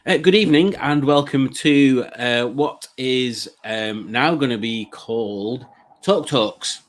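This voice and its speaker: A man's voice: mid-range voice, slow pace. A man hosting a casual livestream, rambling and hesitant with many fillers and goofy jokes while greeting the chat. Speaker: livestream host.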